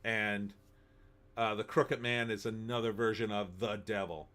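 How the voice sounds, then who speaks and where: A man's voice: fairly low pitch, steady tone, unhurried, a bit bright. Rambling man hosting a live stream. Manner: rambling and opinionated, many filler ums. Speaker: host of a live movie-talk stream. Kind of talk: casual live-stream chat, reading viewer comments.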